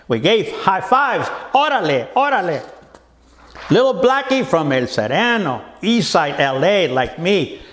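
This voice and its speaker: A man performing a dramatic spoken-word monologue in streetwise slang, moving quickly between voices. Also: high-pitched, reverberant. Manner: streetwise slang, swift shifts of voice.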